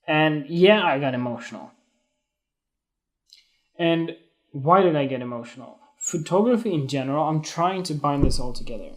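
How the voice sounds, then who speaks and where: A young man talks off the cuff to a live stream audience, rambling from one thought to the next. He is blunt and curses freely, and his voice sits slightly higher than most men's. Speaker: photography podcast host. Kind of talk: casual solo talk on a live stream.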